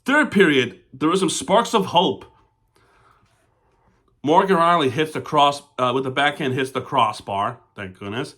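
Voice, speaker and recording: A man's voice: on the high side, expressive, unhurried, fairly bright tone, husky. A man recapping a hockey game as a devoted fan, talking casually about the plays and turning to angry, swearing rants at the referees. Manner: fan of the team, says "we" and "our". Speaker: sports fan recap vlogger.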